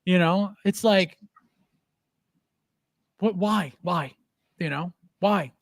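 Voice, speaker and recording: A male livestream host with a high-pitched voice talks back to his viewers' comments. He repeats himself and sounds defiant. The recording is dry and close, with no room sound. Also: extremely slow, no echo. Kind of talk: casual livestream chat reading comments.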